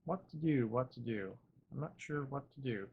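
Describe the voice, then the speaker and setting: A man hosting a gaming video, thinking aloud in casual commentary with wry, self-deprecating humor, drifting between upbeat remarks and quiet muttering. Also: medium pitch, expressive, moderate pace, slightly rough, highs cut off. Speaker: gaming channel host.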